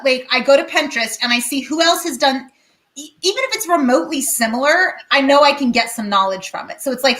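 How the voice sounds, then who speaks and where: A woman co-hosting a casual talk show, chatty and quick, full of "like", acting out her own thoughts as she tells a story. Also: high-pitched, sharp tone. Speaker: co-host.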